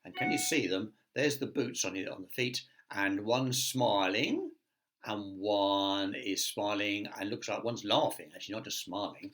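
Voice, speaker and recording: A man's voice: lowish voice, unhurried, a bit bright, a little hiss or hum. A man, a teacher, reading a picture book aloud to children with chatty asides to his listeners.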